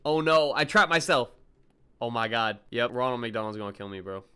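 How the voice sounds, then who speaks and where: A young man streaming a horror game, chatting with viewers in slang and yelping and shouting at every scare. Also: mid-range voice, normal speed, clean tone, some chatter behind. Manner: excitable, yelps and shouts at scares. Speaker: gaming streamer. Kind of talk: live gameplay commentary to chat.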